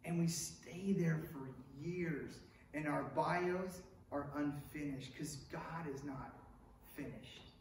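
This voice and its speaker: A middle-aged man preaches to his church in a lively, storytelling way, acting out quotes and tossing in asides. His voice sits fairly high for a man. He sounds set back from the mic in a very echoey room with faint hiss. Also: takes it slowly. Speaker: pastor. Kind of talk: sermon. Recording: echoey room picked up from a distance.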